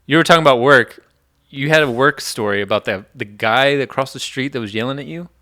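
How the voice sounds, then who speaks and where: A man's voice: mid-range voice, fairly quick, pushed and bright. A man co-hosting a casual podcast, prompting his partner with questions. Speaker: podcast co-host.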